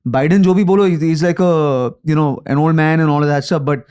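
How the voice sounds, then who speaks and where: Indian guy comedian chatting on a podcast, kinda high, mellow, drops hindi words here and there. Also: brisk, smooth. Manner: animated, reflective, mixes in Hindi phrases. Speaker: comedian guest. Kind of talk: casual podcast conversation.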